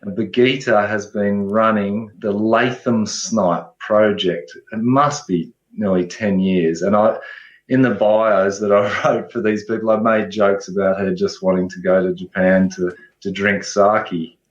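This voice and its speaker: A man's voice: fairly low pitch, measured pace. Man, roomy dull sound. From Australia. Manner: relaxed, often restarts phrases. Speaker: guest ecologist. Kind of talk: casual interview talk.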